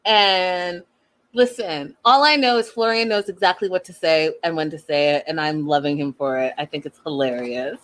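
A woman casually recapping a reality show in a sassy, chatty way, full of quick slangy asides. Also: deep voice, a bit bright.

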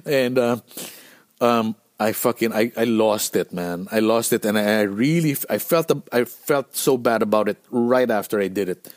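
A middle-aged man from the Philippines telling a tour story on his own show, animated and profane, acting out what people said. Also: on the low side, normal speed. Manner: animated, profane, acts out quotes. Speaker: podcast host and band musician. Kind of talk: casual storytelling monologue.

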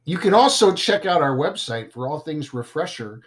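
A very animated man with a fairly high-pitched voice hosts a casual podcast at normal speed. He cracks jokes at his own expense and stumbles over his words from time to time.

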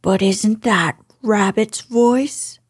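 A woman voicing a cheerful, simple male teddy bear in a gentle, unhurried way. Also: medium pitch, breathy edge, heavily acted.

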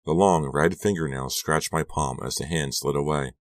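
A man narrating a horror audiobook in a measured, tense reading. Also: very deep voice, dry recording.

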